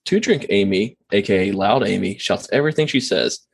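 A man jokes around in casual conversation about a TV show. His husky voice moves in lively swings of pitch, and he sounds playful in his banter. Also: brisk, no room sound. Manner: joking banter.

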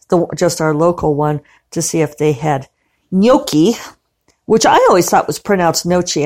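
A woman talking casually about her day in a chatty, rambling way, quick to laugh, from her living room at home. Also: lowish voice, darkish tone. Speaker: podcaster. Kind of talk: casual diary-style monologue.

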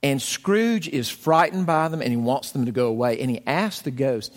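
Expressive male preacher in a reverberant hall. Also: a little high, normal speed, hardly any pauses. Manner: expressive storyteller, voices quotations dramatically. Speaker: pastor. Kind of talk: conversational sermon.

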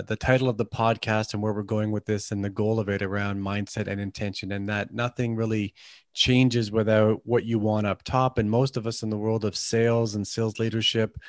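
A man's voice: on the low side, dry recording, studio quality. A middle-aged man with a Canadian accent, hosting a podcast interview in an upbeat, chatty, friendly way. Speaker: podcast host. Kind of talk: casual interview chat.

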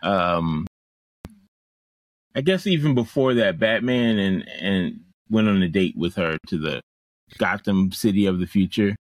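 A man's voice: low-pitched, expressive, a little slow, dry recording, rough recording. Casual man recapping a movie plot. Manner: rambling plot recap with restarts and playful quoted voices. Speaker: podcast co-host. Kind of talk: casual chat recapping a film.

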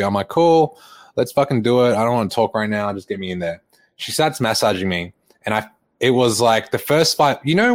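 In this casual storytelling, the speaker is a young fitness coach with a somewhat low voice. He animatedly recounts a personal experience, imitating whoever he's quoting and laughing here and there.

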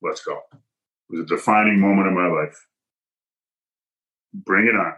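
A man's voice: low voice, steady tone, moderate pace, sharp tone, muffled recording. A man guest in a podcast interview, telling a personal story in an emphatic, punchy way and acting out quoted dialogue.

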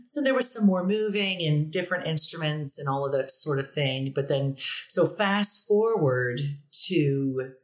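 A woman's voice: low-pitched, expressive, measured pace, few pauses. A woman in her fifties, a band director who is a podcast guest, telling stories in a chatty way and laughing often. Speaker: guest, university director of bands. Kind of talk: casual interview chat.

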